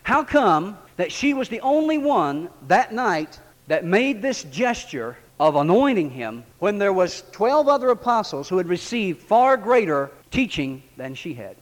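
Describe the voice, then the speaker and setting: A man preaching a sermon in an animated way, swinging from low, quiet stretches up to loud, high passages. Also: measured pace, long reverb tail.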